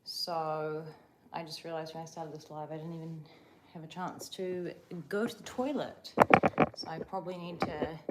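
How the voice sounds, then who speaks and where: A woman's voice: low voice, noisy background. A young woman from Croatia hosting a casual livestream, chatting in a rambling, oversharing way. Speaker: livestream host. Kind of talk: casual live chat.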